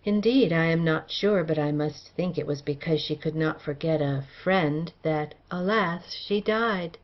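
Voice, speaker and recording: A woman doing a courteous young gentleman heir in an audiobook, polite and guarded in his old-fashioned phrasing. The voice sits low, and the recording sounds dull and lo-fi. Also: measured pace. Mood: smooth, guarded. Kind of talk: audiobook character reading.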